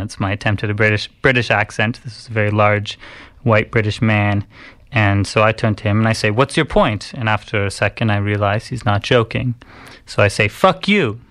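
A man, a radio host, telling a personal story in a halting way with many pauses and restarts. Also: lowish voice, fairly bright tone, clean tone, no room sound.

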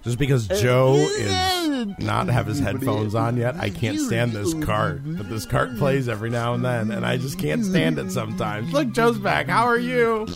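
A man's voice: medium pitch, very animated, unhurried, creaky, loud music behind the voice. A man co-hosting a radio show, griping and joking through loose banter. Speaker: radio co-host.

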